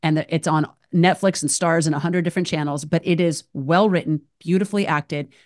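A woman's voice: low voice, steady tone, brisk. A woman hosting a podcast, talking openly in long, emotional run-on thoughts. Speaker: podcast host. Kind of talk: casual conversation.

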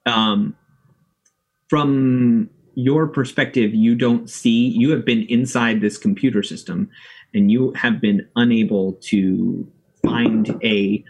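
Man, game master, slow, husky, low-pitched. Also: steady tone, poor audio. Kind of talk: narrating a tabletop game.

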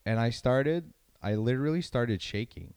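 A man's voice: medium pitch, moderate pace, clean tone, no echo. A young man with a French Canadian accent, an event announcer telling stories in casual chat, rambling with many restarts. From French-speaking Canada. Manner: rambling, restarts often, animated storytelling.

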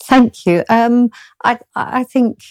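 A woman's voice: fairly high pitch, slow, no echo. A middle-aged woman from London with a southern English accent, a guest speaking politely and hesitantly in a casual interview. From southern England, London. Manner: soft-spoken, polite, hesitant. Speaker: author and guest.

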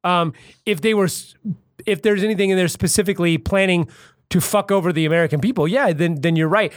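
Male podcast co-host, high voice, dry close sound, profane and rambling. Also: a little fast, dry recording. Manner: profane, rambling, stumbles over words. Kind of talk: casual political chat.

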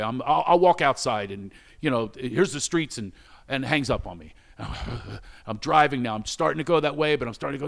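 A middle-aged man with an ordinary mid-range voice tells a personal story openly. He is animated and acts out each quoted exchange with sudden high exclamations, then turns quiet and reflective about shame and recovery. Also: moderate pace, gravelly. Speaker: guest telling a personal story. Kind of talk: candid conversational storytelling.

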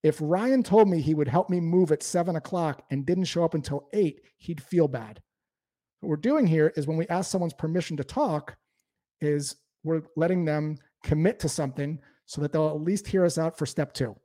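A man teaching cold-call technique in an energetic, explanatory way. His voice is mellow and sits a bit above the usual male pitch, and he moves between explanation and quick demonstrations. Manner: explanatory, lively coaching. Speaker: sales trainer. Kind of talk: instructional talk.

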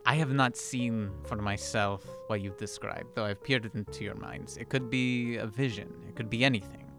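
Aloof floating abyss being, voiced by a man, tabletop game, low and haughty. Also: vocal fry, over music. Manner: cold, haughty, slow.

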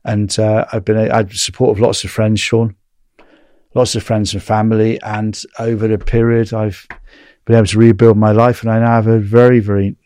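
A chatty English man in his fifties tells long anecdotes, often breaking into laughter. His voice sits fairly low. The recording is dry and close. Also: little pitch movement, moderate pace, mellow, clear, resonant tone, no room sound. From England. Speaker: guest. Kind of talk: casual storytelling interview.

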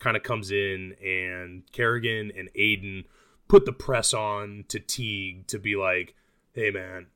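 A man's voice: lowish voice, a little slow, smooth. A man co-hosting a podcast, chatting casually and arguing playfully about books and movies. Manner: animated, joking, argumentative. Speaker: podcast co-host. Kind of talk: casual chat.

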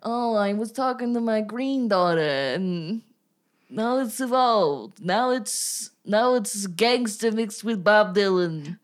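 A woman co-hosting a comedy podcast, riffing quickly and playfully. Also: medium pitch, expressive. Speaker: podcast co-host. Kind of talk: casual comedy chat.

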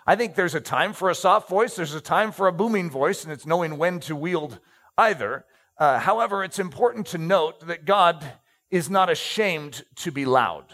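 A middle-aged man preaching a sermon and reading scripture aloud, slowing down to stress key words, with joking asides to the congregation. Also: a little high, lively intonation, a bit bright. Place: church stage, handheld mic.

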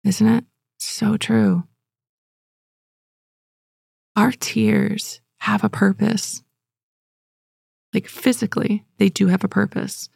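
A woman giving earnest, gentle devotional teaching and leading listeners in prayer, speaking casually with fillers. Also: mid-range voice, little pitch movement, takes it slowly, creaky, pauses often, breathy edge, no room sound, clean studio sound.

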